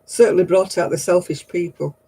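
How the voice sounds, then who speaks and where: A woman's voice: fairly low pitch, steady tone, a little fast, warm tone, slightly rough, low-quality recording. A woman, chatting casually with viewers on a craft livestream, laughing often and dropping homely exclamations. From northern England.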